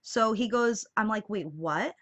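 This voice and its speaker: A young woman vlogs casually to camera, telling a chatty story loaded with fillers and laughing through it. Her voice is medium-pitched, unhurried and fairly bright, captured with slightly dull lo-fi sound.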